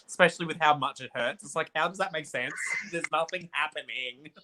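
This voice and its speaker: A man's voice: on the high side, moderate pace, background noise. A man hosting a casual livestream chat, earnest and talking through his thoughts with small laughs. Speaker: livestream host.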